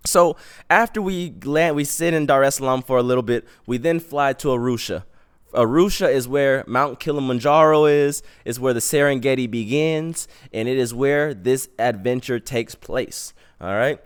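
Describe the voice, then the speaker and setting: A young man hosting a podcast, telling a comic personal story in casual, slangy, animated talk. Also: medium pitch, normal speed, smooth. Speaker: podcast host.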